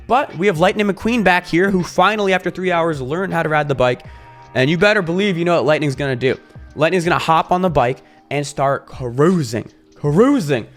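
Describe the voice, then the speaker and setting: A male YouTuber with a fairly high voice delivers a casual vlog monologue. He's animated, swears freely, and acts out little scenes as he talks.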